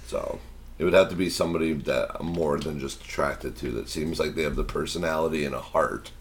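A man's voice: extremely low pitch, fairly even intonation, fairly quick, a little hiss or hum. A man co-hosting a casual podcast chat, joking and teasing in a mock-indignant way. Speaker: podcast co-host.

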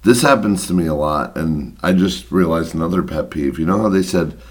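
A man's voice: deep voice, fairly quick. A young adult man co-hosting a casual podcast chat, ranting bluntly with lots of swearing. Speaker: podcast co-host.

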